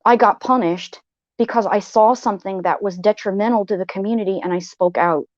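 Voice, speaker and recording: A woman hosting a livestream vents a personal story to her viewers, heated and blunt, swearing freely and repeating phrases to drive her point home. Her voice is medium-pitched and brisk, and the recording is muffled with no room sound.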